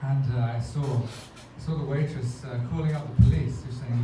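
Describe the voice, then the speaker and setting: A man's voice: mid-range voice, steady tone, normal speed, few pauses, far from the mic. A man hosting a stand-up comedy night, telling rambling self-mocking stories on a club stage. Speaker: comedy show host. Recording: very echoey club, noisy audience ambience.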